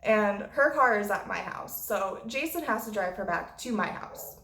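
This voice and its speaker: A woman's voice: medium pitch, lively intonation, normal speed, sharp tone. A woman vlogger telling a story in a blunt, profane way. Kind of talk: storytime vlog. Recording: roomy echo.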